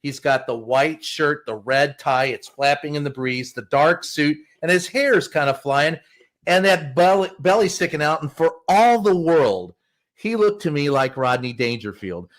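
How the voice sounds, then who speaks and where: Blunt outspoken guy, bit high-pitched, swears to hammer his point, telling a press story on a podcast. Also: expressive, a little slow. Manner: emphatic, blunt, swears for emphasis. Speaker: guest, White House correspondent.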